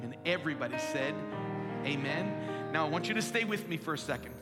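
A man's voice: on the high side, moderate pace. Man, pastor, sermon, emphatic, rhetorical questions, large church sanctuary, long reverb, music underneath. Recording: long hall reverb with live music behind. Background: instrumental music.

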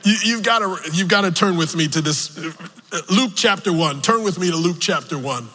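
A man preaching a sermon, telling a personal story slowly with emotional swings, from the pulpit of a church. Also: high voice, animated, bright, forceful tone. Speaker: pastor. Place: church sanctuary. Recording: long reverb of a large hall.

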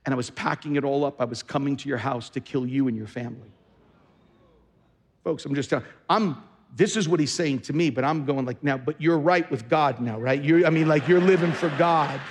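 A pastor with a brisk, slightly rough mid-range voice preaches a sermon, telling a story with quoted speech and building to fervent exhortation. A long reverb tail trails his words.

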